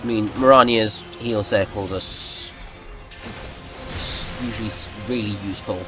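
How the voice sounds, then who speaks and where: A rambling man talks through his gameplay in a casual, self-mocking way, his voice sitting low. Game music plays faintly underneath. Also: fairly even intonation, moderate pace. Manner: chatty, rambling, with frequent restarts and self-mocking asides. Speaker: gaming video host.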